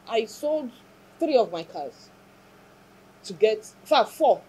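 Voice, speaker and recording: Woman telling her story in an interview, earnest and reflective, soft mellow tone. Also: fairly low pitch, a little hiss or hum, poor audio. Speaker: interview guest. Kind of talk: emotional personal testimony.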